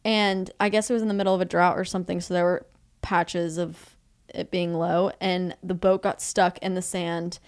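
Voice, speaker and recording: A woman's voice: fairly low pitch, moderate pace, smooth. A young woman from Texas, a podcast guest, telling rambling stories in a casual chat. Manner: animated, rambling storyteller. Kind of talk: casual storytelling.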